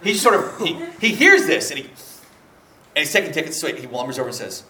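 A man telling a story in casual conversation, rambling and animated, laughing often and slipping into voices for the people he quotes. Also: on the high side, quick pace, echoey room, recorded from a distance.

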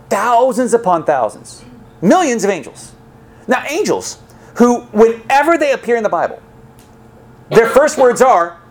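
A man preaching a sermon as a pastor, talking in a conversational, animated way with frequent restarts. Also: very high voice, normal speed.

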